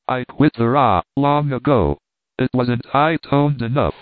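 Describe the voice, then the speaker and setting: A man reading old letters and commentary aloud in a steady, measured way. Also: mid-range voice, no room sound. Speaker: reader. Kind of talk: scripted narration of old letters. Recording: dry, tinny phone-like sound.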